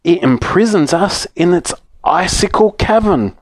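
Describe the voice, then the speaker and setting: A playful velvet toy cat from a children's story, her voice climbing high and slow, as a man reads her part. The delivery swings widely in pitch. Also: lively intonation, no room sound.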